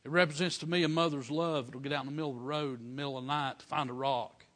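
A man's voice: a little high, steady tone. Fervent preacher man. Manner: fervent, building to loud praise shouts; folksy dialect, drawn-out emphasis. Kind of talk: storytelling sermon.

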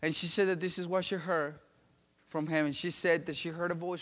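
A man preaching a sermon, telling a story with great emotion and swinging between loud pleading and hushed, quiet tones. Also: a little high, little pitch movement, moderate pace. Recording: long reverb of a large hall.

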